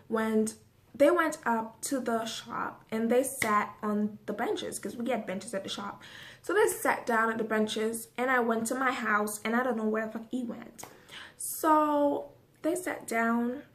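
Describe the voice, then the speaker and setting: A woman with a fairly high voice tells a personal story to her camera in a loose, chatty way. She is animated and swears freely, stringing her sentences together with "so" and "like". The delivery is casual and unscripted. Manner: animated, profane storytelling with frequent "so" and "like". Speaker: vlogger.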